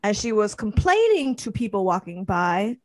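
A woman's voice: medium pitch, big pitch swings, moderate pace, a little mellow, no echo. A woman co-hosting a casual chat, playful and mock-cynical. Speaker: podcast co-host.

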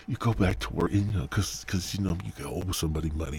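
A man from the United States hosting a podcast, talking in a rambling, profane monologue and losing his thread, with a husky voice. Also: deep voice, fast talker, few pauses, darkish tone, slight background noise. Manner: rambling, profane, loses his train of thought. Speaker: podcast host.

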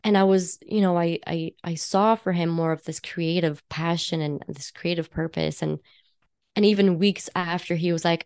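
A woman with a lowish voice chats warmly as a podcast guest, laughing often and circling back through fillers and restarts. The sound is dry and close to the mic, with no room echo. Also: steady tone, moderate pace, clean tone. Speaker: guest, intuitive life coach and psychic. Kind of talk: casual podcast conversation.

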